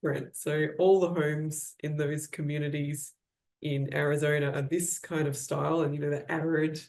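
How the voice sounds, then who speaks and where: A woman's voice: sits low, moderate pace. Female guest, level delivery, chatty and explanatory. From Australia. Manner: chatty, explanatory, even-toned. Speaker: architecture guest. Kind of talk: casual interview talk.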